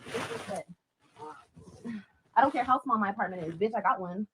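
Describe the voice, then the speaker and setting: A woman's voice: mid-range voice, a little fast, background noise. A woman ranting on a livestream, confrontational, profane and mocking, speaking straight to her viewers. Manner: addresses viewers directly.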